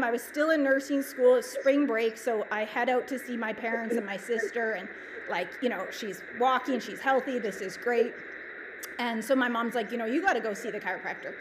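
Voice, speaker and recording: A woman's voice: on the high side, low-quality recording. A woman in her forties, a chiropractor, telling stories casually in an interview, full of "like" and "right?". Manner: chatty, lots of "like" and "right?". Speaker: chiropractor guest. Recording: background noise.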